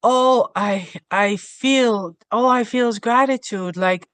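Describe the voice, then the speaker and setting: Slow soft-spoken woman, reflective story, dry close mic. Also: a little high, dry recording. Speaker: podcast guest.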